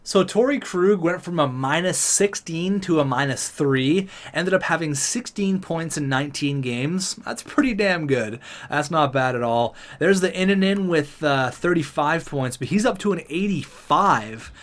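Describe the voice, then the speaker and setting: A man giving casual, excitable commentary over a hockey video game, chatty and upbeat as he talks through the results. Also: a little high, a little slow, hardly any pauses. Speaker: gaming YouTuber.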